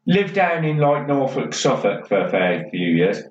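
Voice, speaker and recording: A man's voice: medium pitch, big pitch swings, moderate pace. A man from Birmingham, co-hosting a casual podcast, telling blunt, sweary, rambling stories. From Birmingham, England. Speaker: podcast co-host. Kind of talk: casual pub-style chat. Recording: echoey room, distant mic, dull lo-fi sound.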